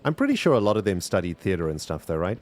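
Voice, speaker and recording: A man's voice: sits low, sing-song, fast. A man streaming a video game, chatting casually and thinking aloud as he plays. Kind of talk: casual gaming livestream chat.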